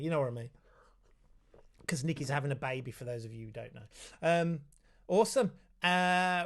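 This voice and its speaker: A man's voice: fairly high pitch, vocal fry. A man hosting a casual live Q&A for parents at home, chatty and easygoing, breaking off to talk to his child. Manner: chatty, reads out viewer comments, talks aside to his child. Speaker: autism specialist hosting a parent Q&A.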